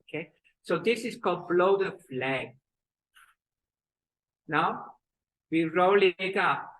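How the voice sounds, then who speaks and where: A woman teaching children's breathing exercises and telling a story, with halting speech and fillers. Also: on the low side, animated, fairly bright tone, poor audio. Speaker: kids yoga teacher.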